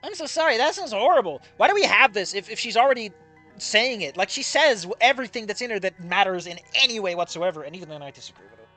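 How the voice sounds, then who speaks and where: Animated, sarcastic fiction critic. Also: medium pitch, fast talker, faint music behind. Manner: sarcastic, exasperated, swearing, laughing, trailing off quietly. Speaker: fan fiction reader and critic. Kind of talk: sarcastic commentary on a story read aloud.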